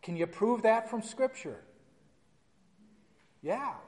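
A man's voice: sits high, expressive, slow, darkish tone, big-room sound, rough recording. A man teaching a church class as pastor, explaining and reading formal liturgy aloud in a conversational way.

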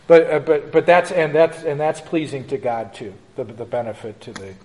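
A man's voice: mid-range voice, steady tone, moderate pace, a little mellow, in a large hall. A male pastor answering questions in a church class, emphatic and joking.

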